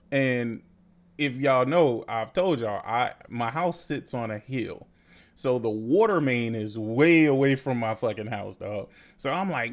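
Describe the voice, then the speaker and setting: A young man hosting a podcast, telling a story in casual, profane, animated chat. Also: on the high side, creaky. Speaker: podcast host.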